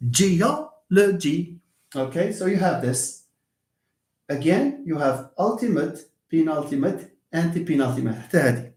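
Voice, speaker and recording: A man leads a live English lesson, his voice sitting a little high and swinging widely. He drifts into Arabic asides and playfully mimics wrong stress. The room around him is echoey. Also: expressive, normal speed, a little mellow. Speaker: English teacher. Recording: roomy echo.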